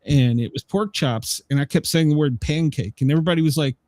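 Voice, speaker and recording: A podcast host with a higher-pitched male voice talks fast on a dry recording. He chats casually, telling animated stories full of chuckles and doing impressions of other people's lines.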